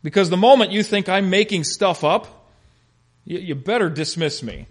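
A man teaching an interactive Bible lesson, animated and questioning his class with humor. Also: high-pitched, moderate pace, slightly rough.

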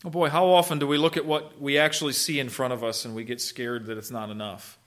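A man preaching a sermon, animated and conversational, swinging from loud emphasis to soft asides and asking his listeners questions. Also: medium pitch, quick pace. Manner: conversational, asks the listeners questions and answers them. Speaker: pastor.

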